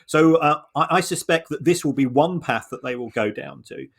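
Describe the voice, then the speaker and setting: Halting, explanatory male podcast host. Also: fairly high pitch, slightly rough. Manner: halting, frequent restarts and repeated words; measured, explanatory. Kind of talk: conversational analysis.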